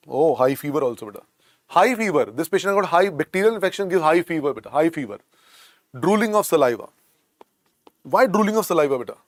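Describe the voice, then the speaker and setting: A man's voice: fairly high pitch, dry recording, studio quality. A man with an Indian accent teaching a medical exam class. He drills each term over and over and mixes in Hindi words. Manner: drills terms by repetition, calls students "beta". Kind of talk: classroom lecture.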